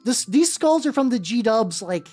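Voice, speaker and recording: A man with a high-pitched voice chatting casually with viewers as he paints miniatures. He rambles, with plenty of fillers, restarts and casual swearing. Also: sing-song, unhurried, a little mellow. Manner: chats with viewers while working. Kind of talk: casual livestream chat while painting. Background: faint background music.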